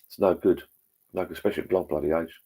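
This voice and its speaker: A man's voice: deep voice, fairly even intonation, fast talker, dark tone, husky. A middle-aged man hosting a live stream, chatting bluntly with plenty of swearing and reading out viewer comments. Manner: blunt, sweary, rambling pub talk.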